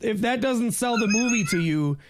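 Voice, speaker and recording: A man's voice: high voice, normal speed, background noise. A man co-hosting a podcast, joking around in casual chat and reading sponsor spots. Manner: animated, joking banter. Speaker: podcast co-host.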